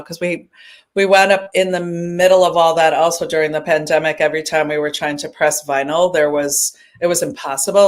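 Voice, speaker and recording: A chatty woman in her fifties from upstate New York, talking as a guest on a live show. She laughs easily, trips over her words and restarts her sentences. She is heard over a remote video call. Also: deep voice. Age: 50s. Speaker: guest musician. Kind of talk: casual chat.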